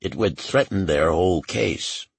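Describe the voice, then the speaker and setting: A man's voice: low voice, measured pace, gravelly, husky, no echo, full character voice. A man voicing a nervous older host. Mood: earnest.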